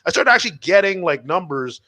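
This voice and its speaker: A man from Montreal on a comedy podcast, telling crude stories in an animated way and acting out the quotes. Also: high voice, brisk, no echo. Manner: animated storytelling, heavy swearing, acts out quotes. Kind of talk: casual podcast banter.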